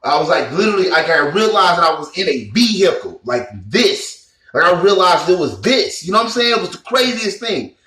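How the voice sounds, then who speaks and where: A man's voice: high-pitched, very animated, brisk, sharp tone. A man telling a personal experience in a rambling, earnest way, full of fillers and restarts. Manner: earnest, emotional. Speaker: vlogger. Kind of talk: casual personal storytelling. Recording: echoey room.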